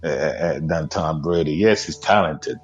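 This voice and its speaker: A man's voice: a bass voice, a little slow, soft background music. A man co-hosting a podcast, chatting about sports in a blunt, opinionated way and cursing now and then. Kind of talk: casual sports chat.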